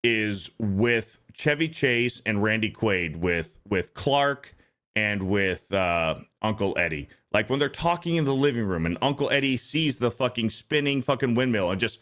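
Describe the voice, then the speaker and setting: A man's voice: fairly low pitch, unhurried. A man hosting a podcast, chatting casually and retelling movie scenes with lots of swearing. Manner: animated, profane, retelling scenes with impressions. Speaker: podcast host. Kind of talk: casual chat.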